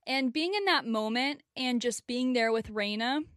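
Young woman, podcast co-host, fairly high voice, dry close sound, earnest and emotional. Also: moderate pace, fairly bright tone, dry recording. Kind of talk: casual chat.

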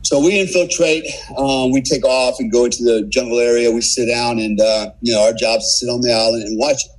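A husky-voiced man in his sixties tells old war stories in a loose podcast chat. He swears freely and acts out the scenes as he goes, with a middle-pitched voice. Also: fairly quick, low-quality recording. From United States. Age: 60s. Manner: profane, animated war-story teller. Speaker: podcast guest, military veteran. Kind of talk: casual storytelling.

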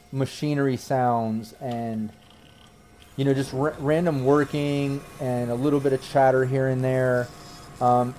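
A man narrating as game master in a tabletop role-playing game, rambling and filling pauses with "um" and "like" as he describes scenes. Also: medium pitch, dark tone, slight background noise. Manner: rambling, full of fillers and restarts.

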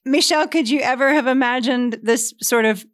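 A woman conducting an interview, asking questions and reacting warmly and effusively. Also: high voice, moderate pace, no echo, clean studio sound. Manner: warm, gushing, easily moved.

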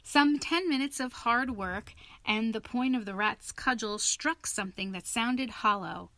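A woman reading a storybook aloud in a steady, even narrating manner. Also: fairly high pitch, unhurried, dry recording.

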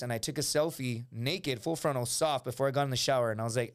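A man in his thirties, a comedian telling a story on a podcast, animated and laughing mid-sentence. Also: mid-range voice, quick pace, clear, resonant tone. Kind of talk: casual comic storytelling.

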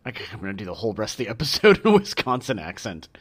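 A man co-hosting a relaxed podcast, tossing in quick, dark jokes and wry comebacks. His pitch rises and falls freely. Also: breathy edge. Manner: quick-witted, playful banter. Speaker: podcast co-host. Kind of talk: casual chat.

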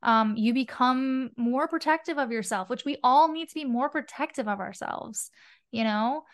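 The spiritual mentor on this podcast speaks at a normal pace in a fairly high, expressive voice. Throughout the casual conversational interview she curses offhandedly and acts out the voices in her head.

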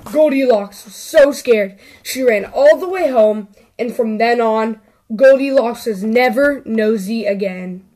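A woman hosting a children's story show, reading a story aloud in a deliberate storytelling manner. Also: on the high side, dark tone. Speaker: host.

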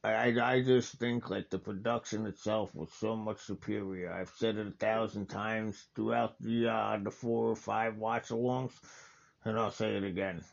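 A man's voice: on the low side, steady tone, normal speed, vocal fry, muffled recording. A man hosting a casual wrestling watch-along, talking in a rambling, enthusiastic way with lots of fillers and restarts.

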